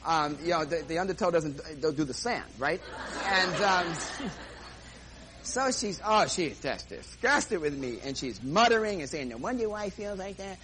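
A man's voice: fairly high pitch, lively intonation, measured pace, a crowd in the background, background noise. A man comedian telling a self-mocking story on stage and acting out the dialogue. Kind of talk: stand-up storytelling.

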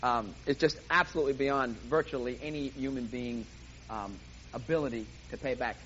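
A man's voice: medium pitch, steady tone, normal speed, fairly bright tone, dull audio, a little hiss or hum. A man preaching a sermon in an emphatic, impassioned way, often repeating himself for emphasis.

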